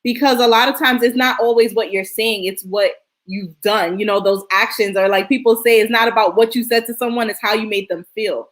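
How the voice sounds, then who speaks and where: A woman's voice: on the high side, fairly even intonation, a little fast. A woman speaking earnestly and reflectively on a casual panel discussion, with frequent "like" and "you know". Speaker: panel host.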